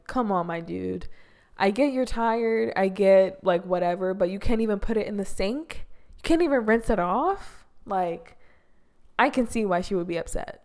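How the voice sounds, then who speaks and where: A young woman chatting her way through a show recap in a mid-pitched voice. She sounds loose and unscripted, often exasperated, with "like" dropped into nearly every sentence. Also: dark tone. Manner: exasperated, heavy use of "like". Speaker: YouTuber recapping a reality show.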